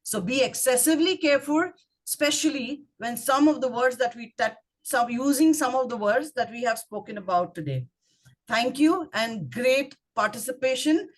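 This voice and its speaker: A woman's voice: sits high, animated, moderate pace. A woman with an Indian English accent giving a short language lesson at a speaking club, spelling words out letter by letter and quizzing her listeners. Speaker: grammarian at a speaking club meeting. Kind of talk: instructive club talk.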